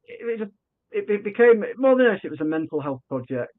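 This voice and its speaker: A man's voice: high voice, fast talker. A man telling a story as a podcast guest, acting out the voices in his dialogue and often restarting his sentences. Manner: animated, acts out quoted dialogue, frequent restarts. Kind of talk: conversational storytelling. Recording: tinny phone-like remote line.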